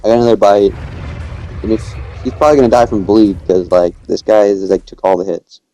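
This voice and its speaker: Low, mellow-voiced young man recapping gameplay. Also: fairly even intonation, fairly quick. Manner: rambling storytelling, acts out quoted lines. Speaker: gamer narrating his own gameplay. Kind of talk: casual gameplay commentary.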